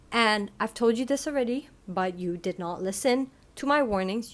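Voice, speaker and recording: A woman's voice: on the high side, unhurried, fairly bright tone. A young woman hosting her own podcast, giving casual, emphatic advice and often checking in with "all right?". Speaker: podcast host.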